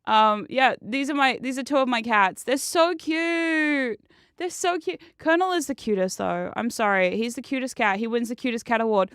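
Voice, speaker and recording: Chatty high-voiced woman streaming a game. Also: fairly quick, hardly any pauses, fairly bright tone, clear, resonant tone, no echo, studio quality. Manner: chatty, swears freely, laughs often. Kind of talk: casual gaming stream chat. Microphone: desk microphone.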